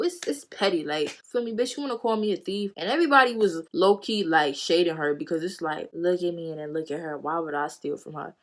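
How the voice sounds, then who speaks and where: Young woman spilling tea on her vlog, lowish voice, slangy and cussing a lot. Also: a little fast, hardly any pauses. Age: 20s. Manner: animated, profane slangy storytelling; acts out quotes with sudden high jumps. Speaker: vlogger. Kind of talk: storytime chat.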